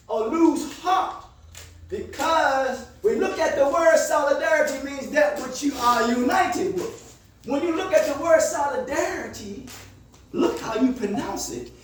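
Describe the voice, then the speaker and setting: A man's voice: very high-pitched, slight background noise. A man counseling a group in a motivational call-and-response style, asking leading questions for the listeners to finish and often raising his voice for emphasis. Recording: echoey room, far from the mic.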